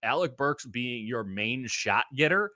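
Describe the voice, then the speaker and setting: A man's voice: medium pitch, expressive, a little slow, bright, forceful tone, no echo, studio quality. A man hosting a sports betting show, giving his picks in casual talk and riffing with comic exaggeration. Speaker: sports betting podcast host.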